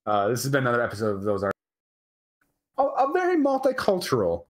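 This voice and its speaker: A man's voice: medium pitch, huge pitch swings. A man with a Wisconsin accent co-hosting a casual live chat show. He laughs often and keeps checking in with "right?". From Wisconsin, USA. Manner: chatty, laughs often, fills pauses with "um" and "right?". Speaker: co-host.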